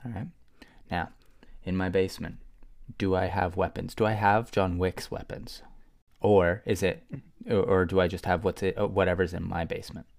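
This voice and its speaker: A man in casual chat, playfully spinning a hypothetical revenge story with quick, animated bursts and frequent laughter. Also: low-pitched, gravelly.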